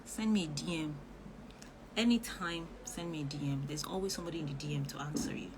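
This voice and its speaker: A woman's voice: low-pitched, a little fast. Earnest woman coach, noisy stream. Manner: earnest, preachy, with animated outbursts. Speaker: relationship coach. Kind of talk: live-stream chat reading comments. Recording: noisy live-stream audio.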